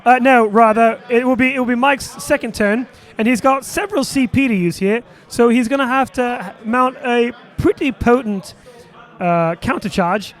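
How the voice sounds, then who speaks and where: A man's voice: extremely high pitch, normal speed. A man giving live play-by-play on a tabletop wargame, wisecracking and teasing his co-host. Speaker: co-commentator. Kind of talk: live game commentary.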